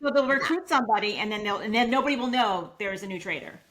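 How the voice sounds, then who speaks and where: A woman's voice: mid-range voice, lively intonation, quick pace, fairly bright tone. A woman co-hosting a podcast, eagerly sharing theories and repeating her points. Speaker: podcast co-host. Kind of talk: casual chat about reality TV.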